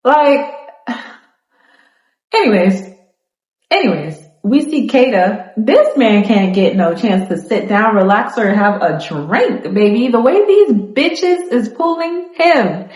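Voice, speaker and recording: A young woman from South Florida giving a sassy, animated casual recap of a reality show. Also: fairly high pitch. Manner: animated, sassy, talks back to the screen. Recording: echoey room.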